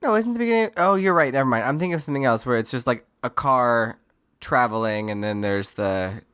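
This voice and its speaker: A man's voice: medium pitch, animated, brisk, fairly bright tone, clean tone, dry recording, clean studio sound. A man co-hosting a podcast in casual chat, musing in a rambling way full of fillers. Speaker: podcast co-host.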